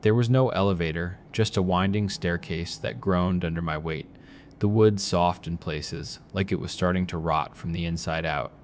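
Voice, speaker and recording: Deep-voiced man narrating a horror tale. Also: normal speed, a little hiss or hum.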